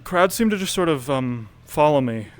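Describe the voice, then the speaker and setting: A man's voice: a little high, lively intonation, moderate pace, a little hiss or hum. A man playing his character in a tabletop game, with a tired manner, sighing and restarting his sentences. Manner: weary, with sighs and restarts. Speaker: player. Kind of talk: in-character tabletop role-play.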